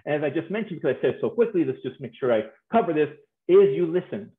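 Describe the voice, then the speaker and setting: A man giving a humorous conference talk on marriage, animated and playful, acting out voices and laughing often. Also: on the high side, fast. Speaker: speaker on marriage. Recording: tinny phone-like sound in an echoey room.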